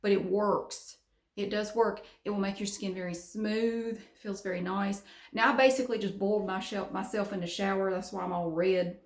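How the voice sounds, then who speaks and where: A middle-aged woman with a Southern US drawl rambles frankly to her camera, dropping casual swear words. Her voice sits at an ordinary pitch. The room around her rings with noticeable echo. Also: fairly even intonation, normal speed. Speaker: vlogger. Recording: roomy echo.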